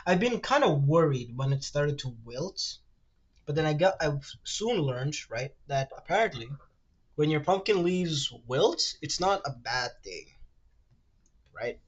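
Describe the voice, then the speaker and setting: A man streaming casually while he draws, rambling and ranting, swearing freely and reading web answers aloud in a quick mumble. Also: big pitch swings, breathy edge, dull audio. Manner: rambling, ranty, swears freely, fillers like "low-key" and "like"; reads web search results aloud in a rushed mumble. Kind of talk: casual livestream chat while drawing.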